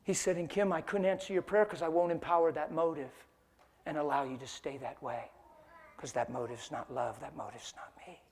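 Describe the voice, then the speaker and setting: God figure, soft and tender, voiced by a male preacher in a quiet hush. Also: fairly high pitch, steady tone, a little fast, slightly rough. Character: God, gentle, calm male divine voice.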